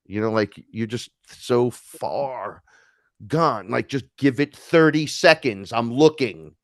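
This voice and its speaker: A man's voice: mid-range voice, animated, slow pace, dry recording, clean studio sound. A man, a podcast guest telling stories in casual chat and acting out the voices he quotes. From New York City. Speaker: podcast guest, neo-shaman.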